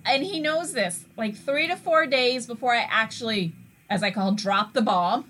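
Blunt, profane woman, slightly high. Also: moderate pace, a bit bright. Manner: blunt, frank advice-giver, swears. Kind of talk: casual chat.

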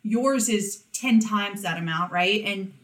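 A woman's voice: mid-range voice, slow, fairly bright tone. A woman co-hosting a podcast in casual chat, blunt and teasing, swearing freely. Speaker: podcast co-host.

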